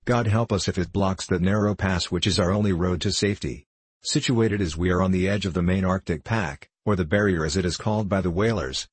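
A man reading a story aloud in a measured, even narration with a husky voice. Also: sits low, no echo. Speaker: audiobook narrator. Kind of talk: scripted narration.

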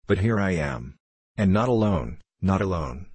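A playful, loving young woman teasing her father, voiced by a man reading aloud. The voice stays low and husky, recorded close and dry. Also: expressive, a little slow, a little mellow, dry recording, full character voice. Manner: gleeful, teasing.

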